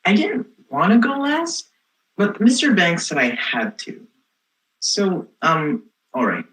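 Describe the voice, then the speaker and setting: A young woman playing a snarky rebellious teen girl in a comic stage monologue, sarcastic and exasperated, with a lively voice. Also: on the low side, slow pace, heavily acted, rough recording. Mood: sardonic. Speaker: student actor.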